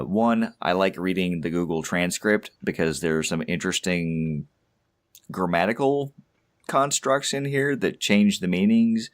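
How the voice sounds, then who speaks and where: A man co-hosting a casual podcast, rambling along with stammered restarts and little chuckles. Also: fairly low pitch. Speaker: podcast co-host.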